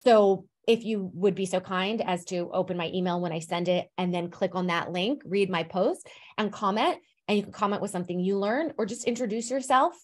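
A woman career coach hosting a live group session over a video call. She talks in a loose, chatty way, dropping "like" and "you know" as she goes. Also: mid-range voice.

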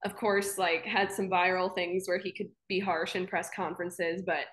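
A woman's voice: lowish voice, flat delivery, moderate pace, a bit bright. A young woman, a sports anchor, chatting casually as an interview guest, telling anecdotes with frequent laughs and fillers. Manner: chatty storyteller, laughs often, many fillers.

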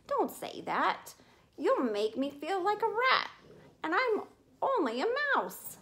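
A woman's voice: high voice, sing-song, a little slow, voice pushed up. A woman voicing a fretful, streetwise male mouse who talks in an urgent, wheedling way in a storybook reading.

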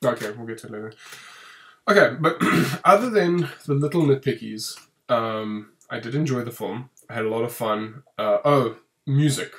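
A man rambles through a movie review, restarting his sentences and getting animated over plot holes. His pitch sits in the middle for a man, and he talks at an everyday pace. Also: moderate pace. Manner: rambling, restarts often, animated when complaining. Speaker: podcast co-host reviewing a film. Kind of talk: casual film review chat.

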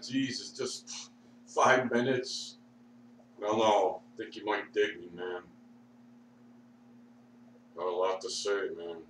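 A man's voice: fairly low pitch, fairly bright tone. A man ranting and muttering profanely in a rambling way, sore and struggling to get his words out. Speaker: vlogger. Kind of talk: rambling rant at the TV. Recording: echoey room, mic far off, faint hum.

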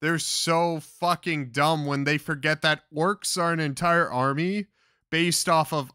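A man's voice: fairly high pitch, fairly even intonation, measured pace, bright, forceful tone, clean tone, no room sound, clean studio sound. A young man giving crude, exasperated commentary, swearing constantly as he reacts to clips. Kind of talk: profane ranting commentary.

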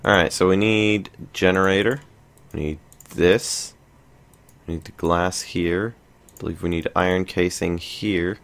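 A young man with a very low voice narrates his gameplay in a loose, rambling way. He thinks aloud, trails off and restarts his sentences often. Keyboard typing can be heard behind him. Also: steady tone, unhurried, fairly bright tone. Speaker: let's play host. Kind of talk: casual gameplay commentary.

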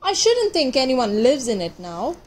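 A woman reading aloud as a kindly middle-aged male park keeper who speaks gently and eagerly. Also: sits high, very animated, moderate pace, slight background noise.

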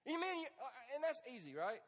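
A pastor preaching a lively, joking sermon to the men of his church, with sudden bursts of loud emphasis. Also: extremely high pitch, brisk. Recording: long hall reverb.

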